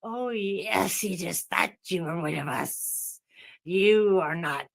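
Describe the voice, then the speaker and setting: A woman voicing a sneaky, menacing toy villain who talks in a hushed, taunting way. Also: lowish voice, slow pace, creaky, full character voice.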